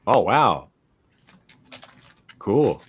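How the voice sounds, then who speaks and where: A man with a very low voice that swings widely in pitch, speaking over a video call. He mostly chimes in with short, enthusiastic reactions in a casual-chat style. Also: very animated, extremely slow, fairly bright tone, husky.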